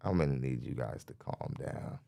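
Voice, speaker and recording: A man's voice: extremely low pitch, moderate pace, creaky, warm tone. A man hosting a live podcast, reacting bluntly to a clip and talking straight to his chat, often laughing between points. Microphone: studio mic.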